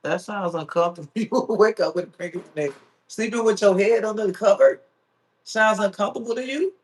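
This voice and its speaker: High-voiced man chatting with his stream. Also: fairly quick. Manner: playful, teasing, reads viewer comments aloud. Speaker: livestream host. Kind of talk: casual live-stream chat.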